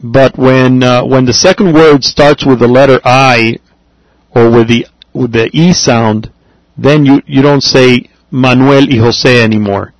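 A man from America, teaching a class, talking haltingly with many fillers and repeats. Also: medium pitch, fairly even intonation, no echo, rough recording. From Latin America. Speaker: Spanish teacher. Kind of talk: classroom language lesson.

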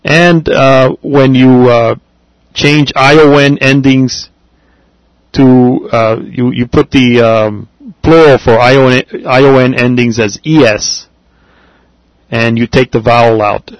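Slow, halting teacher, man. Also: mid-range voice, fairly even intonation, dry recording, highs cut off. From Latin America. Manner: halting, many fillers and repeats. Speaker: Spanish teacher. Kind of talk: classroom language lesson.

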